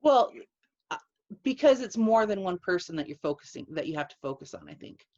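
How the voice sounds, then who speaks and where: A woman co-hosting a podcast over a video call, chatting in an expressive, animated way. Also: mid-range voice, brisk. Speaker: podcast co-host. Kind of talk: casual chat. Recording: dull lo-fi sound.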